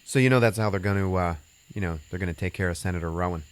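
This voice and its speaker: Deep-voiced and rapid-fire, a podcast host loosely recaps a movie's plot. His rambling account is peppered with "you know," "uh," and casual swearing.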